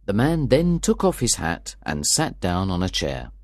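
A man reads a story as an audiobook narrator, clear and expressive. His voice is low and swings in lively pitch. The recording is close and dry. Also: a little slow, no room sound.

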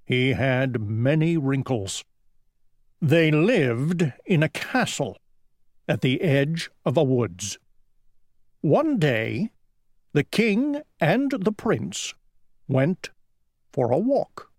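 Very slow, lively-toned story narrator. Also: medium pitch, no room sound, studio quality. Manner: slow, deliberate reading. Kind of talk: children's story reading.

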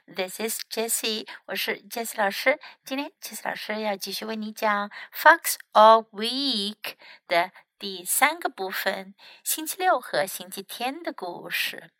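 A woman's voice: medium pitch, lively intonation, measured pace, hardly any pauses, no echo. A woman, a children's English teacher, reading a picture book aloud for children, in both English and Chinese. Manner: gentle, explaining. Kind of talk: bilingual storybook reading for children.

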